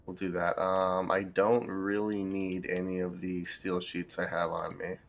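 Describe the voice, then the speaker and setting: A man streaming a building game, thinking aloud in relaxed commentary as he sorts items and plans what to build. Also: low-pitched, a little slow, gravelly. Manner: thinks aloud, with fillers and restarts. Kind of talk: casual gameplay commentary.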